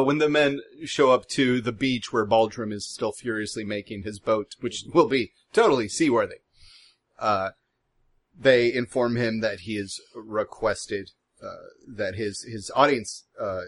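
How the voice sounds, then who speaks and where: A man's voice: medium pitch, moderate pace. A man playing a tabletop game, narrating his character with chatty storytelling. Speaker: player.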